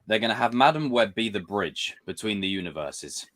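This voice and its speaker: A man hosting a casual podcast chat, excited and quick to call people bro and dude. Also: lowish voice. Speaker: podcast host.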